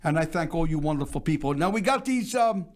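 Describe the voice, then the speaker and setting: An older male variety show host who chats and rambles from story to joke. His voice sits higher than most men's, and he talks casually to his audience. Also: lively intonation, brisk.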